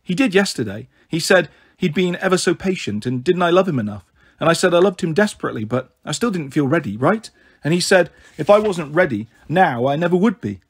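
A man's voice: a little high, lively intonation, fairly quick, slightly rough. A man reading aloud and voicing an upset thirteen-year-old girl who talks hesitantly and tearfully. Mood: troubled. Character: upset teenage girl, anxious and pressured.

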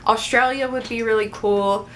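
This vlogger, a young adult woman, speaks at a moderate pace with a slightly high, fairly bright voice and fairly even intonation. Her get-to-know-me Q&A chat is casual and upbeat, full of "um" and "like," with slight background noise.

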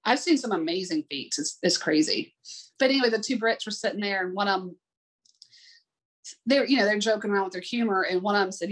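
A woman's voice: mid-range voice, fairly quick, breathy edge. Heartfelt woman swim coach telling stories. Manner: candid, heartfelt anecdotes. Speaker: adaptive sports swim coach. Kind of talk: conversational interview storytelling.

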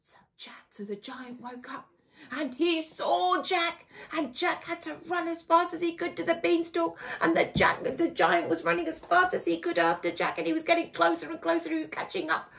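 A woman teacher telling a fairy tale to young children, with dramatic, hushed moments. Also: extremely high pitch, normal speed, vocal fry. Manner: expressive, dramatic, hushed asides.

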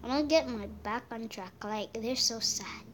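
A woman giving casual gameplay commentary, taunting other players and swinging between loud yelps and murmured asides. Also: on the high side, moderate pace.

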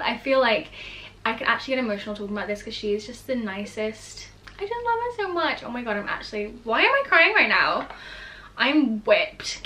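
Gushing young woman vlogger, bright voice. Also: a little high. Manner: gushing, rambling, lots of "like" and word searches. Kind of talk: casual chat to camera.

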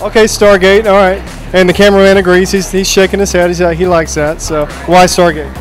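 A man's voice: sits high, flat delivery, fast talker, soft background music. A man roaming a ship asking people questions, jokey and playful, teasing the crew. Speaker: shipboard interviewer. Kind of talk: roving vox-pop interviews.

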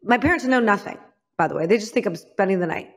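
A woman's voice: medium pitch, animated, fast, vocal fry. A woman from Illinois, a guest in an interview, telling a frank personal story and often calling herself out. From Illinois, United States. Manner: frank, self-critical, acts out others' lines.

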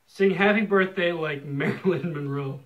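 A man's voice: fairly high pitch, moderate pace, phone-quality sound, background noise. A man playing a casual challenge game with his sister, teasing her with dry quips. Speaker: guest, host's brother.

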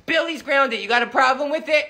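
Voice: high voice, a little fast, pushed and bright. A performer voicing a flustered mother in a comedy skit, scolding one son and doting on the other. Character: flustered mom who spoils one son.

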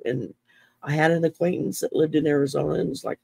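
A woman's voice: low voice, steady tone, brisk, creaky, dark tone, husky, no echo. A middle-aged woman from Texas, hosting an interview and telling personal stories in a chatty way, often laughing as she talks. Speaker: podcast host. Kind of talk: casual interview storytelling.

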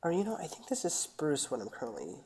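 A woman's voice: low voice, wildly swooping pitch, quick pace, darkish tone, husky. A woman giving casual, rambling gameplay commentary and chatting with her viewers as she plays. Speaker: gaming channel host.

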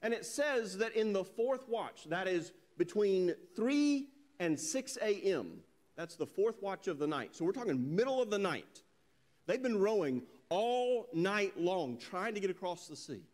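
A male preacher giving a sermon, telling a scripture story with animated delivery and reading verses slowly and solemnly. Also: high voice. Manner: animated storytelling, voices quoted characters.

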